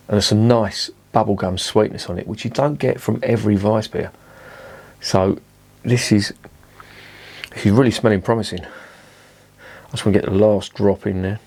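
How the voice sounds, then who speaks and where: Man, lowish voice, chatty beer reviewer, swears a lot, self-mocking. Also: darkish tone, husky. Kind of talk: casual beer review vlog. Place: indoors at home with curtains drawn.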